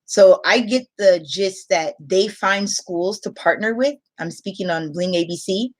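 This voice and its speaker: A chatty young woman hosts a casual livestream as an online English teacher. She talks loosely and conversationally, greets viewers and answers their comments, and laughs easily between thoughts. Her voice sits at an ordinary middle pitch for a woman. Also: a little slow.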